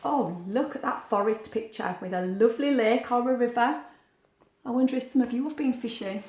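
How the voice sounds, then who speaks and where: A woman's voice: on the high side, normal speed. A woman, a teacher reading a picture book to young children with playful asides to a puppet. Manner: animated, playful, sing-song, talks to the puppet. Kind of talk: storytime read-aloud with a puppet. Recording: roomy, echoey sound.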